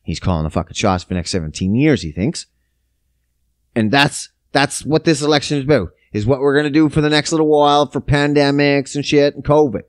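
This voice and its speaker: A man's voice: fairly high pitch, no echo, studio quality. A man, hosting a podcast, ranting about politics, sarcastic and swearing constantly. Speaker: podcast host. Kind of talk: profane political rant.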